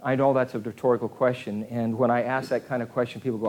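A man's voice: medium pitch, level tone, fast. Man preaching with dramatic swings. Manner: dynamic, swings from quiet murmurs to loud acted outbursts; conversational, asks the audience questions. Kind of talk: sermon.

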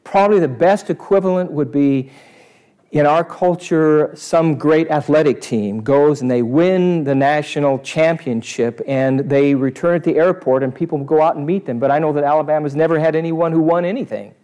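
Animated man preaching a sermon. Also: on the high side, normal speed, smooth. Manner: animated, acts out crowd voices, swings from loud to hushed.

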